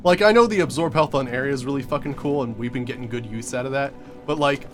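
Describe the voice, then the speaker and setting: A young man giving live gameplay commentary, excitable, laughing and exclaiming often. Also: mid-range voice, fast talker, faint music behind. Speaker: game streamer.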